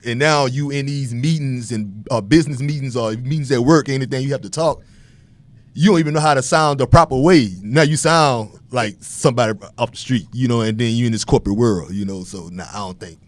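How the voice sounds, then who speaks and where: A man's voice: mid-range voice, brisk, dry recording. A man on a podcast, chatting in a laid-back, slangy way with lots of fillers. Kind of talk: casual opinion chat.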